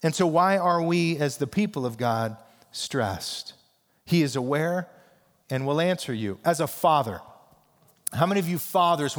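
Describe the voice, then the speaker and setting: Man preaching in a reverberant hall. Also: medium pitch. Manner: conversational, emphatic, with casual asides. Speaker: pastor. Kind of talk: sermon.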